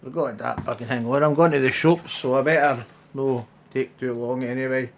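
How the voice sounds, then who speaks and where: A man's voice: mid-range voice, steady tone, normal speed, slight background noise. A middle-aged man with a Lanarkshire Scottish accent, ranting wryly and chattily to camera in a casual vlog. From Scotland. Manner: chatty, wry, grumbling. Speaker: vlogger.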